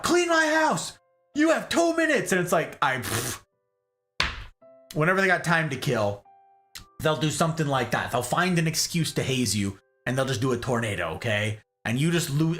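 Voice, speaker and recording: A man hosting a stream, telling a story casually and animatedly, often tagging lines with "okay?". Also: on the high side. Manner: animated, rambling, keeps asking "okay?". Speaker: streamer host.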